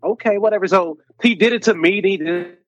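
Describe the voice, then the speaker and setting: A man's voice: sits high, fast talker, a bit bright, no room sound. A man guesting on a podcast, telling a rambling party story in casual chat. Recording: dull lo-fi sound.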